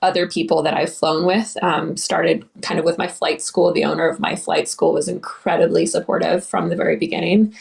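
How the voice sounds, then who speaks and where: A woman's voice: fairly low pitch, fairly even intonation, brisk, gravelly, hardly any pauses. A young woman pilot giving an earnest, enthusiastic interview answer, often restarting her sentences. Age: young adult.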